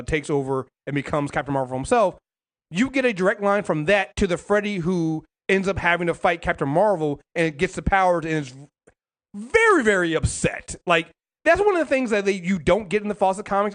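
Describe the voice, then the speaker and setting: A man with a slightly high voice talks through a casual podcast chat. He rambles and restarts his sentences often, and he swears freely as he goes. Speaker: podcast co-host.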